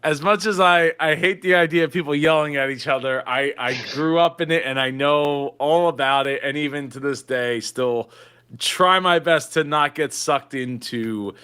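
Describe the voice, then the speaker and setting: A man's voice: on the high side, normal speed, pushed and bright, clear, resonant tone. A man talking earnestly in a casual interview chat, acting out quotes in a raised voice.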